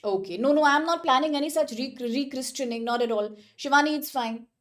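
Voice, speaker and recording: A young woman leads a live online exam-prep lesson in a high-pitched voice. She is chatty and affectionate and calls students by name as she quizzes them. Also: a little fast. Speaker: teacher.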